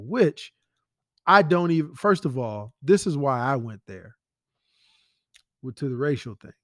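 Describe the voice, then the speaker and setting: A man's voice: mid-range voice, lively intonation, moderate pace, no echo, studio quality. A man hosting a casual commentary podcast, blunt and profane, firing rhetorical questions at the listener. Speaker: podcast host.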